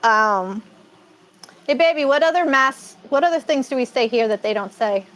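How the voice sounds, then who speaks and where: A woman's voice: high voice, expressive, normal speed, fairly bright tone, low-quality recording. Chatty woman on a live stream. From Massachusetts. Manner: chatty, rambling, laughs often. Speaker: co-host of a live chat stream. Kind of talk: casual live-stream chat.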